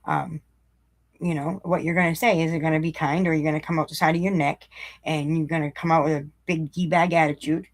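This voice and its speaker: A woman reading a daily recovery meditation aloud, breaking off with blunt, sarcastic asides and slowing down to repeat lines for emphasis. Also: sits low, fairly even intonation.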